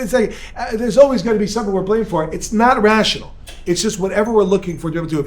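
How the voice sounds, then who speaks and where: A rabbi with a high voice delivers an energetic, joking lecture at a seminar. He bounces between points and banters with the audience in the room. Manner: energetic, joking, talks with the crowd. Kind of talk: lively seminar talk to a live audience.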